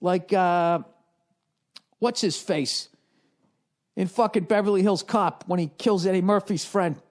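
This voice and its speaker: A man's voice: sits high, measured pace. A man in his forties with a Boston accent, telling a rambling, profane comic story on his podcast and mimicking the people in it. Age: 40s. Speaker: comedian and podcast host.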